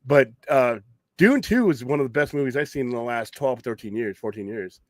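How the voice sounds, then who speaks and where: A man's voice: medium pitch, lively intonation, a little fast, no room sound. A man hosting a late-night geek talk show, rambling casually with strong opinions, frequent restarts and some swearing. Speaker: podcast host.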